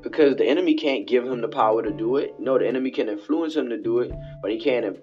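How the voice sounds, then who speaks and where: A man's voice: mid-range voice, fast, darkish tone. A man hosting his own podcast alone in his bathroom, rambling and preaching in a late-night monologue that keeps circling back and repeating itself. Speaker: podcast host. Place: bathroom at home. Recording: dull lo-fi home recording with faint music.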